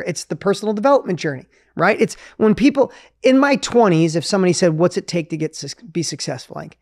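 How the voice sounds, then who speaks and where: A man in his fifties hosting a podcast, talking in an energetic, coaching way and acting out inner voices. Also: sits high, fairly quick, no echo, clean studio sound. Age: 50s. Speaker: podcast host. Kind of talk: motivational conversation.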